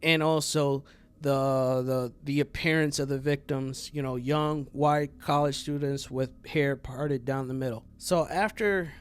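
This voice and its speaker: Guy riffing on true crime, slightly high voice, swears a lot, lots of likes and you knows. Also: steady tone, measured pace, clear, resonant tone. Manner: rambling, profane, full of fillers, laughs at his own jokes. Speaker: true crime channel host. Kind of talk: casual true crime commentary.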